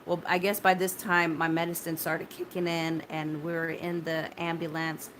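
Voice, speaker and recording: Woman, lowish voice, halting, repeats herself, swears bluntly, faint background hiss. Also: flat delivery, fairly bright tone. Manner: halting and repetitive, many restarts and fillers, blunt swearing; shaken but steadying, talking straight to viewers. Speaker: vlogger recounting a personal ordeal. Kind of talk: casual spoken personal story.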